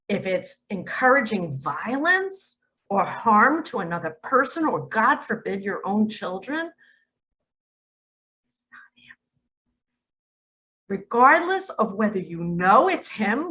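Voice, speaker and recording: Over a rough recording, a medium-pitched woman speaks as a spiritual teacher. Her religious monologue is emphatic, with abrupt shifts from loud to quiet.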